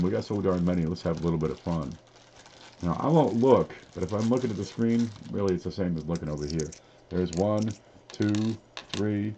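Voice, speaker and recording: A man's voice: low-pitched, warm tone, dull audio, slight background noise. A man hosting a casual live-stream giveaway, talking in a folksy, rambling way as he reads off items one by one. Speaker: livestream giveaway host.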